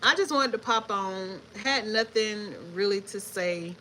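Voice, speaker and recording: A woman's voice: mid-range voice, unhurried, rough recording. A woman, chatting casually with viewers on her book livestream. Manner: chatty and relaxed, addresses viewers as y'all. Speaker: book vlogger hosting a livestream. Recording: faint background noise.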